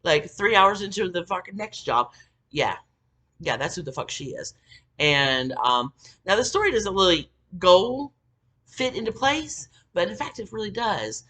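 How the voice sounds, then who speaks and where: A woman's voice: fairly low pitch, a bit bright, slightly rough. A woman telling a story in a casual, rambling rant, swearing often and filling her talk with ums and likes. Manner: profane, rambling, full of fillers. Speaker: vlogger.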